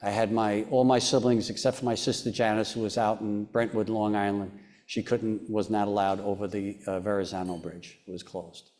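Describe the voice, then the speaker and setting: His voice lowish with little pitch movement, a foundation chairman shares a personal story in an on-stage interview. The telling is earnest and halting, with many restarts and some very quiet stretches.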